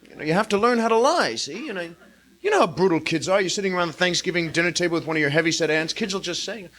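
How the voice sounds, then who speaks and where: A man in his thirties performing a live stand-up routine, with an animated, exaggerated delivery and acted-out quotes. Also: high-pitched, rapid-fire. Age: 30s. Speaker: stand-up comedian. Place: comedy club stage with audience. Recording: hissy early-1980s live club recording.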